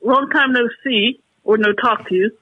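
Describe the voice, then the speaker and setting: A woman calling in to a talk radio show, talking in halting, emotional, frustrated bursts with many restarts. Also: on the high side, slightly rough, no echo. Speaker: caller. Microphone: telephone. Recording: tinny phone line.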